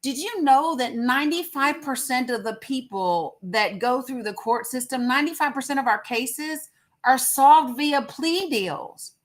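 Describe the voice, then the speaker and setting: A woman with a high-pitched voice, speaking a little slowly, hosts a casual livestream. Her live commentary is emphatic and she repeats words for effect.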